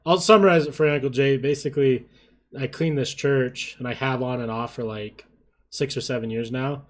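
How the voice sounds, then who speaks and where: A man's voice: mid-range voice, steady tone, fairly quick. A man co-hosting a casual podcast, telling a short story in an easygoing way with plenty of fillers like "like" and "uh". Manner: easygoing, summarizing, filler-heavy. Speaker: podcast co-host.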